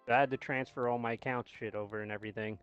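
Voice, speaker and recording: A man's voice: mid-range voice, steady tone, very fast, clear, resonant tone, no echo, lo-fi sound, faint music behind. A man chatting casually with friends about a video game, swearing in a laid-back way. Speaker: gamer on a voice chat. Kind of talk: casual chat.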